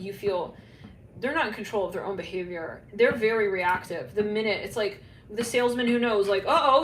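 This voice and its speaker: Woman tarot reader, loose rambling delivery, roomy echo, faint hum behind. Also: mid-range voice. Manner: rambling, filler-heavy, laughs at herself. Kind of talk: casual psychic tarot reading to camera. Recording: echoey room, faint background hum.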